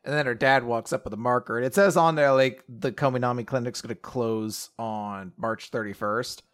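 A man's voice: mid-range voice, fairly even intonation, normal speed. A man co-hosting a casual chat, retelling a story and acting out the characters in exaggerated voices. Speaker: podcast co-host.

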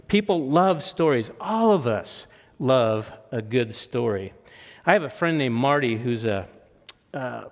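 Older man preaching in a reverberant hall. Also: on the high side. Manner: conversational, self-deprecating, with lively quoted asides. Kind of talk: storytelling sermon. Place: church hall.

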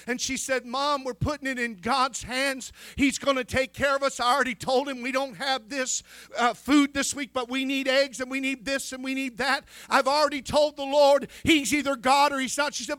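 A man's voice: extremely high pitch, normal speed, bright, forceful tone, no room sound. A man preaching a sermon with fervor, breaking in with calls of amen and restarting his sentences as he tells a story. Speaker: pastor.

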